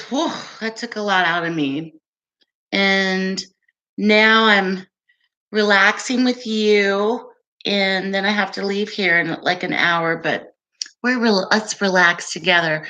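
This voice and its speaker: A woman's voice: medium pitch, takes it slowly, sharp tone, dull audio. A woman hosting a casual livestream, chatting with viewers, laughing often and answering their comments. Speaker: livestream host.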